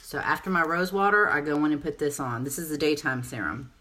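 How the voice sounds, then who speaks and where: A woman's voice: deep voice, fairly quick, pushed and bright, a little hiss or hum. A woman giving a casual live makeup tutorial, chatty and rambling as she answers viewer comments. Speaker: makeup seller and presenter.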